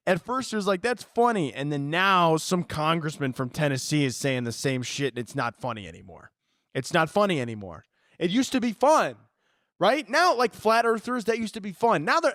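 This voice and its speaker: A young man hosts a solo podcast, ranting and cursing with bursts of shouting and laughter. His voice sits on the high side for a man. The sound is dry and close, with no room echo. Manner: profane, animated ranting with sudden shouts and laughs. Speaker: podcast host.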